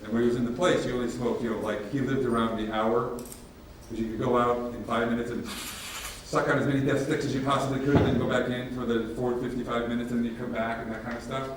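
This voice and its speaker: A man presenting at a workshop, telling stories in a casual, animated way and acting out both sides of conversations. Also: mid-range voice, fast talker, noisy background. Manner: casual, animated, acts out dialogue. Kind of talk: storytelling workshop talk. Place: large room with audience. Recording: echoey hall from a distance, faint ambience.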